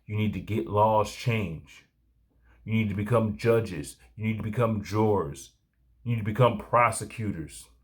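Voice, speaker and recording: Low-voiced man urging action. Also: a little slow. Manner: earnest, urging, repeats calls to action. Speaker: commentary show host. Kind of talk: reaction commentary.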